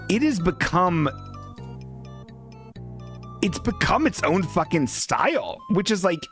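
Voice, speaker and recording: A man co-hosting a comedy podcast, ranting profanely and spinning absurd deadpan stories. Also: high voice, slow pace, soft background music. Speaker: podcast co-host.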